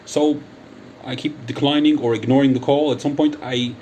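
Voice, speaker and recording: A man's voice: mid-range voice, steady tone, moderate pace, a little mellow, a little hiss or hum. A man from the United Kingdom delivering an angry callout monologue as a channel host, taunting and combative, drawing out key words for dramatic emphasis. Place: Athens, Greece.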